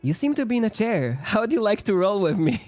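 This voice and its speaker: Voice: mid-range voice, very animated, a little fast, a little mellow, soft background music. A streamer giving casual, joking, chatty commentary while playing a game.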